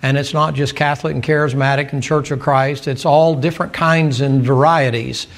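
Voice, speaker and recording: A man's voice: mid-range voice, fairly even intonation, normal speed. A man preaching a sermon in a folksy storytelling manner with emphatic asides.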